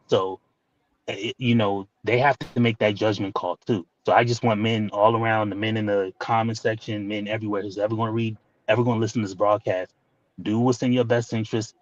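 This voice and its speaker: A man's voice: lowish voice, dry recording. Man, rambling opinion talk, filler-heavy, lo-fi dry recording.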